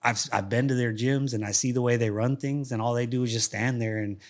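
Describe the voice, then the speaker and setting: A man's voice: medium pitch, fairly even intonation, a little fast. A man telling stories in a casual studio interview, speaking loosely with frequent restarts and repeated words. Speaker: guest, former fighter and coach. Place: podcast studio.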